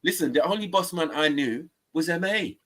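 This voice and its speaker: A man's voice: on the high side, lively intonation, normal speed, a bit bright. A man, hosting a stream and teasing a co-host in casual banter. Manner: teasing, slangy, breaks into voices and song. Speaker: livestream host.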